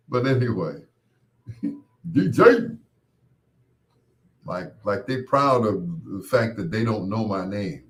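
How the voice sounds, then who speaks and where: A man hosting his own show, telling rambling casual stories with laughs and quick mimicked voices of others. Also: on the low side. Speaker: podcast host. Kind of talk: casual storytelling monologue.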